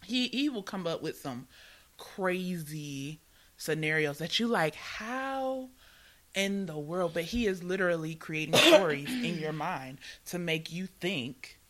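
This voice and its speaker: Woman, podcast co-host, bright tone, lively, laughs a lot, repeats herself when excited. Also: on the low side, measured pace. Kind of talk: casual faith talk.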